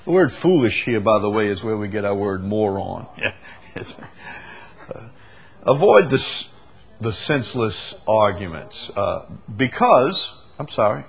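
A man teaches a Bible study in an unhurried, conversational way. His pitch swings widely as he leans on each quoted phrase, and his voice has a slightly husky edge. He chuckles easily between points. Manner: animated, stresses quoted verses slowly, laughs often.

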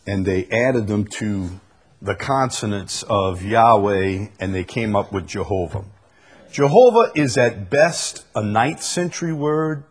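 Husky-voiced man teaching Bible study. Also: fairly low pitch. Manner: explanatory, reads passages aloud with frequent fillers.

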